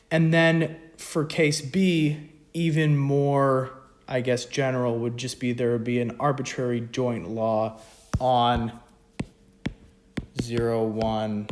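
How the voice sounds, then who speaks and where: A man talking through an economics math problem in a casual lesson, with joking, self-mocking asides between steps. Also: mid-range voice. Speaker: economics video tutor. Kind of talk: casual spoken math walkthrough.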